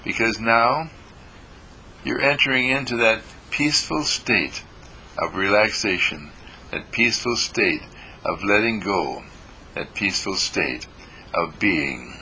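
An older man leading a guided meditation, speaking slowly and soothingly with deep audible sighs and breaths. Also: expressive, sharp tone, slight background noise, low-quality recording. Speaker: meditation teacher.

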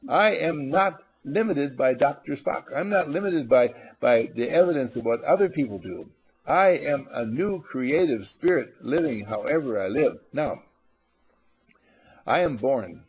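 Husky man giving a playful pep talk. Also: medium pitch, expressive, measured pace. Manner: playful, acts out little scenes, repeats phrases for emphasis. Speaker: motivational speaker. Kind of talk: inspirational talk.

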